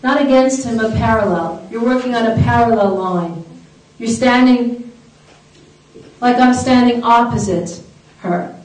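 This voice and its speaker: A woman giving an animated talk to an audience, asking them questions along the way. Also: on the high side, measured pace, recorded from a distance. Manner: animated, engaging, asks the audience. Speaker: speaker. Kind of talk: lecture to an audience. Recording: echoey hall from afar.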